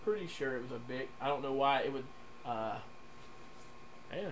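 A man co-hosting a casual podcast in a blunt, joking way, swearing freely. His voice has a middling pitch. A faint noise sits behind him. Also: normal speed, long pauses, low-quality recording. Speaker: podcast co-host.

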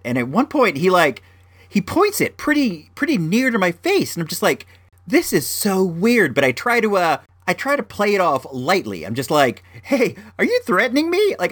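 A man tells a story in a casual, rambling way, full of fillers and restarts. His voice sits a little high for a man and swings widely up and down as he gets into the telling. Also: fairly bright tone.

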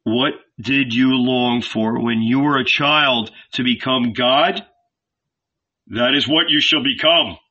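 A calm, insistent archangel, as a man reads him speaks slowly and with measured command, persuading rather than raging. His tone is bright and sits in a muffled, lo-fi audiobook sound. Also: mid-range voice, breathy edge, full character voice. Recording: dull lo-fi recording.

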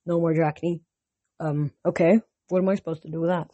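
A casual reader narrating a novel chapter at home with an even, mid-pitched voice. The recording is dry and close, with no room sound around it. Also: a little fast, no echo, highs cut off. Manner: casual, hesitant with fillers when chatting. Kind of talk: reading a novel aloud, casual chat after.

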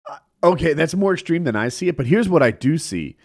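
A man chatting casually about politics on a podcast, animated and laughing easily. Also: on the high side, a little fast, vocal fry. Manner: animated, laughs often, trails off.

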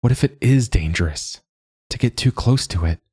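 A man's voice: medium pitch, lively intonation, normal speed, a little mellow, breathy edge, pitched above the performer's own voice. A man reading a nervous, riled-up young boy's lines in an audiobook. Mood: uneasy. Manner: tense and uneasy.

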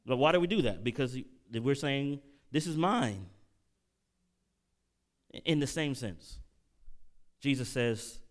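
A middle-aged man delivering a sermon in a lively, animated way. His voice rises and falls widely as he tells stories and keeps asking the congregation whether they are following along. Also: mid-range voice, slow pace, long pauses. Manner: animated preaching, audience call-outs, emotional storytelling. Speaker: pastor.

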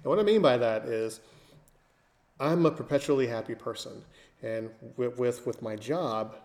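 A man's voice: medium pitch, normal speed, a little mellow. A man on a casual podcast who talks in a laid-back, joking way.

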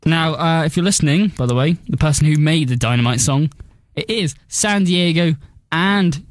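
A woman hosting a radio show in casual, excitable, playful chat on a studio mic. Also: low voice, moderate pace, no echo. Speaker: radio host. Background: music.

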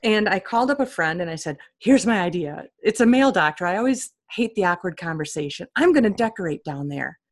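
A woman being interviewed as an author, telling funny stories in a lively way and acting out the voices of the people she quotes. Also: fairly low pitch, fairly quick, hardly any pauses. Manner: animated, acts out quoted voices, laughs often. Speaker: author and guest. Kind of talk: comic storytelling in an interview.

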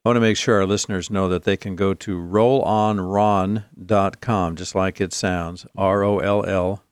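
A man's voice: sits low, fairly even intonation, normal speed, clear, resonant tone, no room sound, clean studio sound. A man co-hosting a talk show, reflecting aloud with frequent fillers. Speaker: radio show co-host.

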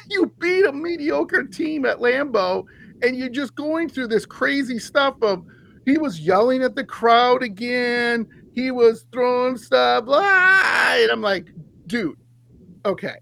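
A man hosting a sports podcast, ranting in an animated, heated way and laughing often. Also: very high voice, poor audio. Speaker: podcast host.

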